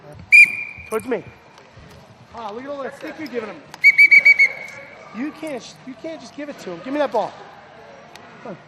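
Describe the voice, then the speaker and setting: A man's voice: extremely high pitch, expressive, a little fast, pauses often. A man coaching lacrosse players at practice, energetically calling out praise and instructions. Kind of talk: on-field coaching. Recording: noisy field recording.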